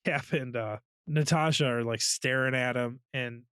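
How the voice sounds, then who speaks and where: A man's voice: mid-range voice, normal speed, a bit bright, clear, resonant tone, dry recording, studio quality. A man co-hosting a podcast in casual chat, laughing often as he retells movie scenes. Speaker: podcast co-host.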